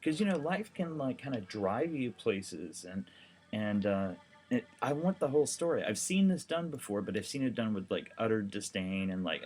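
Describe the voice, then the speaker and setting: Rambling heartfelt man, low voice. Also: expressive, moderate pace, darkish tone, a little hiss or hum. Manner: rambling, heartfelt, many fillers. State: seriously ill. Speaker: documentary vlogger. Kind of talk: casual to-camera talk.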